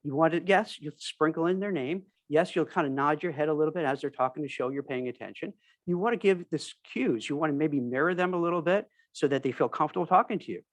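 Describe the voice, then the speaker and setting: A man from New York gives emphatic advice on a recruiting panel with plenty of energy. He talks fast in a fairly high voice. The sound is dry and close. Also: dry recording. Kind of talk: casual panel discussion.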